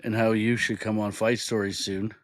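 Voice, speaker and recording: A man's voice: lowish voice, level tone, moderate pace, no room sound, studio quality. A man co-hosting a comedy podcast, chiming in with wry, mock-formal asides in casual chat.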